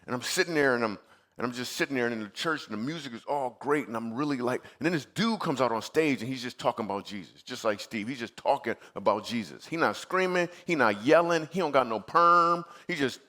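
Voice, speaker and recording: Man from michigan, comedian giving a sermon, chatty storytelling, medium-pitched voice. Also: a little fast, bright, forceful tone. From Michigan, USA. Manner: conversational, acts out his own past replies. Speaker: comedian and guest speaker. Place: church stage before a live audience.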